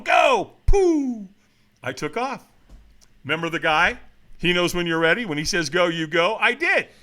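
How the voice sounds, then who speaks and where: A middle-aged man telling a story as a podcast guest, acting out the voices of the people in it and shouting for emphasis. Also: on the high side. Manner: dramatic retelling, acts out quoted voices, shouts for emphasis. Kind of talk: animated storytelling.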